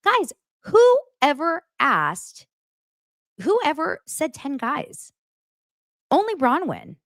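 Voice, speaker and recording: A woman's voice: sits high, wildly swooping pitch, slow, fairly bright tone, no room sound, clean studio sound. A woman hosting a podcast, recapping reality TV in a sarcastic, exasperated way. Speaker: podcast host.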